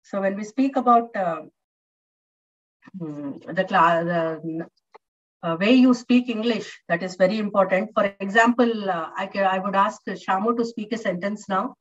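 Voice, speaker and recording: Over distant, dull lo-fi online audio, a woman lectures at a measured pace in a mid-range voice. This English lecturer explains things patiently and repeats herself, with many fillers throughout the online class.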